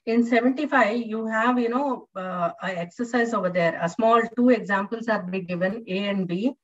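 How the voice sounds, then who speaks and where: A woman's voice: a little high, normal speed, few pauses. A female English lecturer teaching an online class, patient and repetitive, with many fillers. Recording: distant, dull lo-fi online audio.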